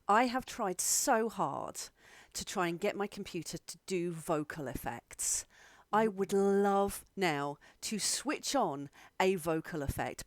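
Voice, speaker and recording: A woman runs a tabletop game over an online call, narrating scenes and chatting casually. She speaks slowly in a lowish voice. The audio is dry and close. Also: dry recording. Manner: descriptive, chatty, swears casually. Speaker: game master.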